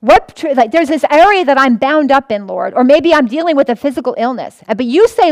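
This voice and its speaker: A woman's voice: high voice, animated, fairly quick, few pauses, dry recording. A woman pastor teaching a sermon in an earnest way, often restarting and repeating her points.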